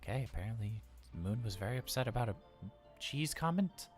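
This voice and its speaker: A flustered, chatty robot daycare attendant, voiced by a man on a live in-character stream. His mid-pitched voice swings up and down a lot as he rambles, stammering through his thoughts. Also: expressive, brisk, husky, faint music behind. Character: anxious cheerful male robot daycare attendant. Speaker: livestream role-player.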